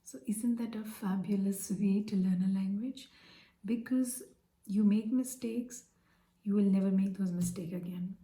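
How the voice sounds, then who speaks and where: A woman's voice: medium pitch, steady tone, a little slow, dark tone. A woman giving casual advice in a vlog about learning a language, chatty and full of "okay" fillers. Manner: chatty, frequent "okay" fillers, self-corrections. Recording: echoey room.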